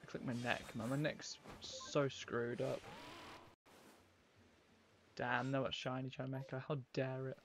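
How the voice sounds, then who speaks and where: A man's voice: medium pitch, flat delivery, measured pace, creaky, pauses often. A man live-streaming a game, chatting in a rambling, casual way to his viewers as he plays. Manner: rambling, chatty, talks to viewers while playing.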